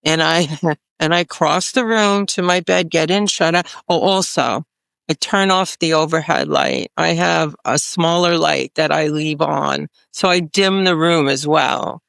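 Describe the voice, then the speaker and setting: A woman's voice: low-pitched, measured pace, creaky, fairly bright tone, no room sound, studio quality. A woman clinician on a health panel, speaking emphatically and repeating phrases for stress. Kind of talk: panel discussion.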